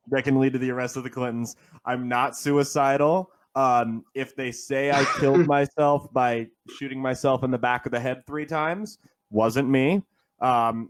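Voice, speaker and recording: Comedian guy on a podcast, chill storyteller, mid pitch, laughs a lot. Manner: laid-back storyteller, laughs often. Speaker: comedian guest. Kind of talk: casual chat, telling stories.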